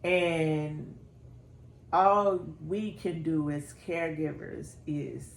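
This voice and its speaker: A woman podcast host asking slow, measured, supportive questions in an interview. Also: low-pitched, creaky. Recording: echoey room with faint background noise.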